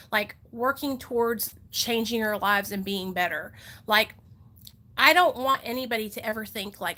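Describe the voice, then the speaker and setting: A woman's voice: fairly high pitch, normal speed, sharp tone. A young woman vlogger talking earnestly and emotionally to her viewers about recovery, in a chatty style full of "like" and "y'all". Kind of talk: casual heartfelt talk to viewers.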